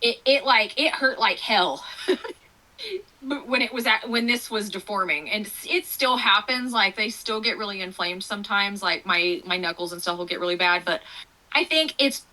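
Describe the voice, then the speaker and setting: A woman's voice: medium pitch, moderate pace, rough recording. A woman guest author chatting in an interview, telling stories with lots of laughter and fillers. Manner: animated storytelling, laughing often, many fillers. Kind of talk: casual interview chat.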